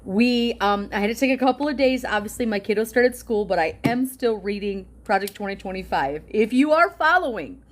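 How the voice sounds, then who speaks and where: A woman's voice: on the high side, lively intonation, a little fast, hardly any pauses. A woman vlogger in a casual, profane reaction monologue, often laughing and exasperated. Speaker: political vlogger.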